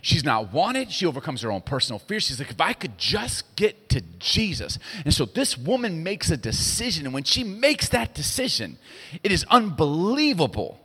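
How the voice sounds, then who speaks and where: A middle-aged man preaching a sermon, telling stories with lively swings from hushed to loud. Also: a little high, breathy edge. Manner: animated storytelling, swinging between hushed and loud. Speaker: pastor. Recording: long hall reverb.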